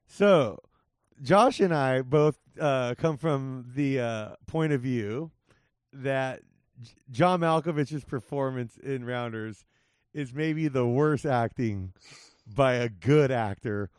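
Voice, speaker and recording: A man's voice: mid-range voice, slow, smooth, dry recording, studio quality. A man hosting a casual podcast, talking loosely with plenty of fillers and laughs. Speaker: podcast host.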